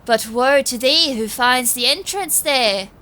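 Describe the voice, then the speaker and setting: A woman's voice: sits high, a little slow, pushed and bright, a little hiss or hum. A woman voicing a lonely, ominous ghost girl with a witchy edge. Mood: eerie.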